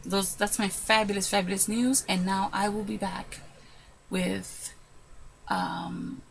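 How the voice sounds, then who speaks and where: A woman crafting vlogger chats excitedly and retells her story with quoted asides. Her voice has a gravelly, creaky texture at an ordinary middle pitch. There is a faint room hum behind her. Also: slow, rough recording. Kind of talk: casual storytelling vlog.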